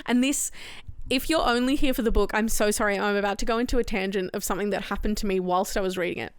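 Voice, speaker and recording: A woman's voice: medium pitch, quick pace, clean tone, no echo. A young woman, co-hosting a book club podcast and telling a story with lots of laughter and acted-out quotes. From Australia. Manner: animated, laughs often, acts out quotes loudly. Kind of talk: casual chat, storytelling.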